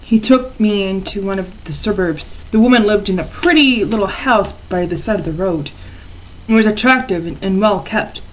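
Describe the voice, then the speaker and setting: A woman reads a horror short story aloud, plain and steady, with a few slips and restarts. Her pitch sits in the middle of the range. The recording sounds dull and lo-fi. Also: normal speed, a little hiss or hum.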